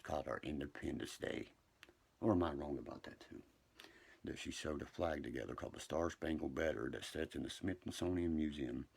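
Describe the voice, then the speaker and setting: A man's voice: extremely low pitch, a little fast, creaky, darkish tone, slightly rough, dry recording. A man ranting on a livestream, profane, combative and rambling from one point to the next.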